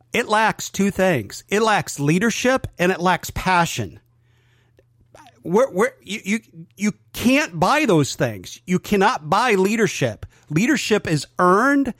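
A man's voice: high voice, dry recording, clean studio sound. A male podcast co-host talking sports in an earnest, lecturing way.

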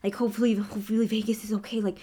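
A woman's voice: mid-range voice, little pitch movement, very fast, mellow, husky. A young American woman telling a personal story earnestly in a casual podcast conversation, full of "like" fillers. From United States. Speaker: guest.

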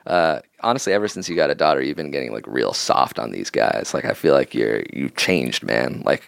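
A man's voice: rumbling low, lively intonation, brisk, creaky, no room sound, clean studio sound. A man co-hosting a comedy podcast, teasing and laughing often in casual banter. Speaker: podcast co-host.

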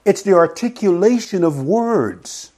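A middle-aged man preaching a sermon in a conversational teaching style, reading scripture slowly and asking his listeners "right?". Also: high voice, lively intonation, warm tone. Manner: quotes scripture slowly and deliberately. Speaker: pastor.

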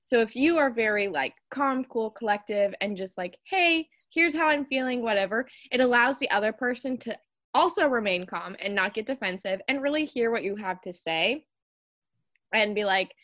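A woman's voice: medium pitch, moderate pace, fairly bright tone. A young woman hosting a podcast, giving advice in a chatty casual way with lots of fillers. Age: young adult. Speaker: podcast host. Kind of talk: casual chat.

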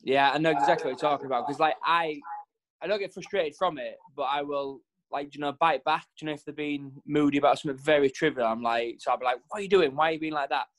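A man in casual chat, telling family stories with lively quoted voices. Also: fast. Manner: animated storyteller, jumps pitch for quoted voices. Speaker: podcast co-host.

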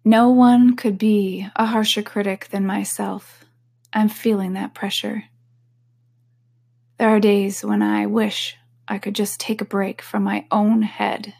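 A woman hosting a casual solo podcast, talking candidly and sometimes dropping into a soft whisper. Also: medium pitch, flat delivery, slow pace, vocal fry, breathy edge. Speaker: podcast host.

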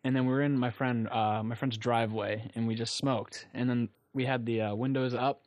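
A young man recounts a rambling story in loose, casual chat, and now and then he laughs at his own tale. His voice sits at an ordinary middle pitch for a man, and the recording is dry and close with no room sound around it. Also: steady tone, normal speed, a little mellow, no room sound. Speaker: guest storyteller.

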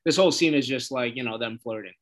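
A man's voice: mid-range voice, fast, a bit bright. A man hosting a casual, profanity-laced spoken recap of a TV episode, with a loose, chatty delivery and quoted lines acted out in different voices. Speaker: show host recapping a TV episode.

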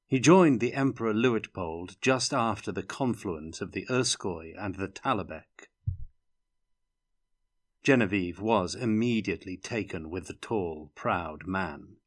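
Man, fiction reading, measured and dramatic, low pitch, slow pace. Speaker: narrator reading a novel aloud. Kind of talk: audiobook-style fiction reading.

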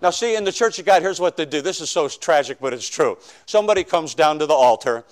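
A male preacher telling his conversion story in a sermon, swinging from loud shouts to hushed confession. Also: fairly high pitch, lively intonation, fast. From northern United States. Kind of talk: sermon testimony.

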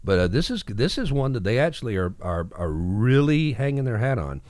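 Animated radio host, lively voice. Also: male voice, medium pitch, a little fast, no echo, studio quality. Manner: animated, acts out voices in his stories. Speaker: radio morning show host. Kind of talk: casual radio chat and storytelling.

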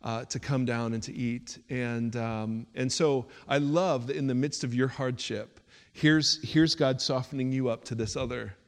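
A pastor preaches with a rambling, filler-laden delivery that builds into a rhythmic preaching cadence. A long hall reverb surrounds his mid-pitched voice, as heard in a church sanctuary. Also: steady tone, unhurried, gravelly. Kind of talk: sermon.

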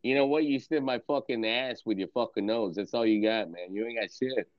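A man's voice: mid-range voice, a little fast, dry recording, dull audio. A man hosting a voice chat, taunting his opponent aggressively with constant profanity and repetition. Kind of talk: voice chat insult exchange.

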